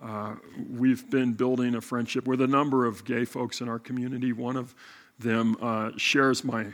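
A middle-aged male pastor telling a story in a sermon, animated and self-mocking. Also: medium pitch, moderate pace.

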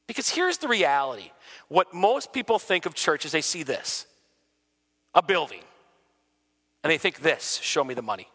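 Animated storytelling pastor, bright voice. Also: male voice, sits high, long reverb tail. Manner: animated storyteller, swings loud and soft. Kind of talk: storytelling in a conversation.

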